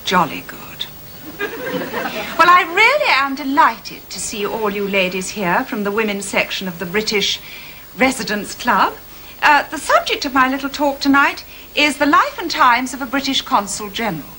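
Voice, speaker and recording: A woman's voice: high-pitched, big pitch swings, moderate pace, heavily acted. An actress playing a British woman consul general, gracious on the surface and archly sarcastic, in a 1980s TV sitcom. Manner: brightly gracious, arch, sarcastically polite. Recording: noisy old TV recording.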